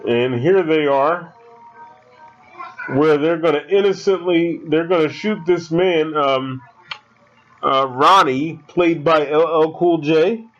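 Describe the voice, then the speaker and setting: A man giving casual commentary over a horror film, excitable and swearing as he talks back at the screen. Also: a little high, a little slow. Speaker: fan commentator. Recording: dull lo-fi sound with faint film music.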